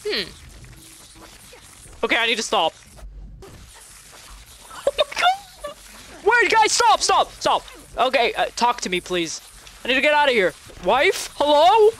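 Giggly high-voiced young woman gaming. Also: a little slow, pauses often, noisy background. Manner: giggly, excitable, shrieks and laughs often. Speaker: gaming streamer. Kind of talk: casual gameplay commentary.

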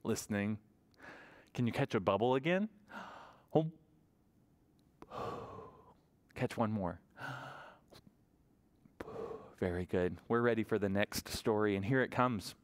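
Animated man leading toddler story time. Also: fairly low pitch, takes it slowly, long pauses. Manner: animated sing-song storytelling to small children. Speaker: children's librarian.

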